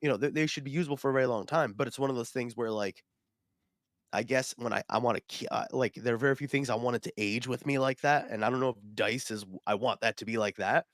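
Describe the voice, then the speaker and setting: A man co-hosting a podcast, telling stories in a rambling, animated way with lots of fillers. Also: mid-range voice, fast talker, dry recording, studio quality. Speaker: podcast co-host. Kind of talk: casual chat.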